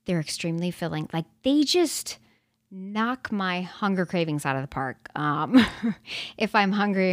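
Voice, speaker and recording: A woman's voice: mid-range voice, dry recording. Chatty, upbeat woman coach, dry sound. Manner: chatty and upbeat, laughs often, many fillers. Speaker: nutrition coach. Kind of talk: casual walkthrough of a meal plan.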